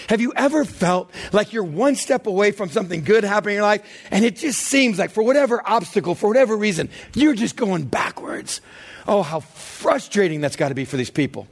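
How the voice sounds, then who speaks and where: Animated high-voiced male pastor. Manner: animated, dramatic, swings between loud and hushed. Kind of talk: sermon.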